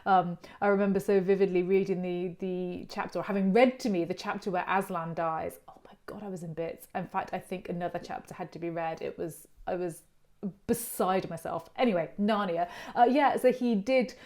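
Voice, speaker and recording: A woman's voice: lowish voice, steady tone, moderate pace, a little mellow. A woman hosting a casual educational chat, talking in a friendly, digressive way and wandering off into personal stories. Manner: chatty and digressive, telling stories on herself. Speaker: host of an online art channel's chat series.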